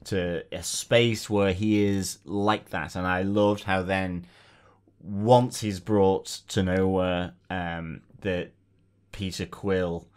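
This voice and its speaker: A podcast co-host chatting casually about a film, eagerly retelling scenes. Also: male voice, low-pitched, fairly even intonation, takes it slowly, darkish tone, clear, resonant tone. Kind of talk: casual chat reviewing a film.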